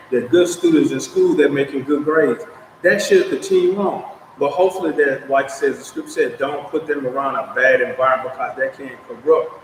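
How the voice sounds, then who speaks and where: A man hosting an interview at a stadium, speaking haltingly and restarting phrases. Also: medium pitch, slight background noise. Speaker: show host. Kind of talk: casual interview. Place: outdoors at a stadium. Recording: echoey, distant outdoor mic with faint ambience.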